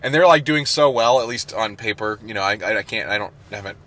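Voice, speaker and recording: Talking fast in a low-ish, slightly bright voice, this man co-hosts a podcast. The conversation is casual and rambling, packed with fillers and laughs.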